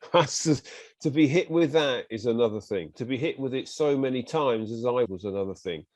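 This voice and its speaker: An English man with an English accent, speaking at a middle pitch as an interview guest. He tells his own story in a lively, animated way and slips into the voices of the people he quotes. The sound is close and dry, with no room echo. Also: normal speed. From England. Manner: animated, acts out quoted speech of others.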